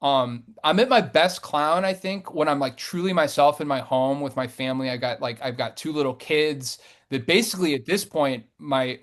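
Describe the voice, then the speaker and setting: A man in his thirties, a poet talking casually in an interview, rambling with many fillers and restarts. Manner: rambling, many fillers and restarts, animated swings in pitch and loudness.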